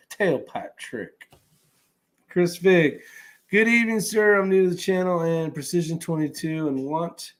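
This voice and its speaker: Male livestream host, relaxed and rambling, mid pitch, casual chat delivery.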